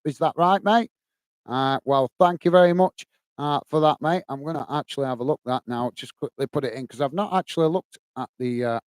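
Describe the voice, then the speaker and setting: Chatty man with a smooth voice. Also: mid-range voice, no room sound. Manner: chatty, addresses viewers as mate; reads out chat comments. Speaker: livestream host. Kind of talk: casual livestream chat.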